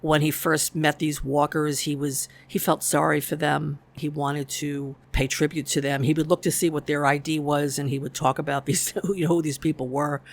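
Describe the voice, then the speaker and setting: A woman's voice: deep voice, flat delivery, moderate pace, hardly any pauses. A woman recapping a TV episode in a casual, chatty way, retelling scenes and quoting the characters' lines. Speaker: YouTube show reviewer.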